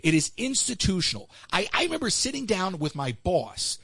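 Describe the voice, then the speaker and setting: A man's voice: high voice, normal speed, husky, no room sound. An American man hosting a call-in show, telling stories in casual chat and acting out what others said. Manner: animated storyteller acting out quotes.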